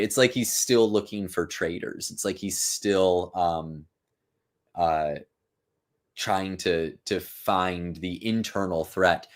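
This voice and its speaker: Low-voiced man explaining a play casually. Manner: casual and conversational, frequent fillers and "right?". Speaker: literature teacher and channel host. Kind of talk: live-stream reading with commentary.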